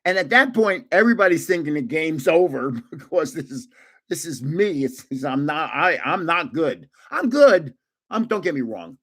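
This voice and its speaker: A man in his seventies hosting a livestream shares casual gaming stories in a slightly high voice at a moderate pace. He's animated, laughs a lot and keeps restarting.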